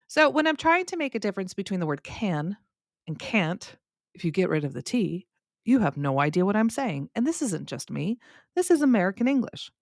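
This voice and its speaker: A woman with a Californian accent touched by Southern US speech, hosting a podcast English lesson in a lively, demonstrative way and stressing words to teach. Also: medium pitch, no echo, clean studio sound. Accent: Californian with light Southern US touches.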